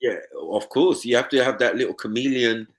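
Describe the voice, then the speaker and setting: A young man of Nigerian background, the panel host, talks in a medium-pitched voice with fairly even intonation and a fairly quick pace. It's casual chat, loose and full of swearing, and he slips into mimicked voices.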